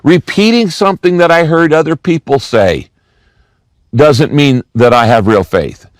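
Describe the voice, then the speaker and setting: An older man preaching a sermon as a pastor, reading scripture and speaking in a conversational, expressive way. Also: a little high, a little slow, dry recording.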